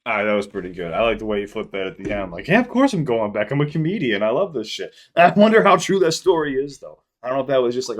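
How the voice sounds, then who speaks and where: Brief: male reaction host, mid-pitched voice, loose rambling chat full of swearing and sudden loud bursts. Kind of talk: casual chat.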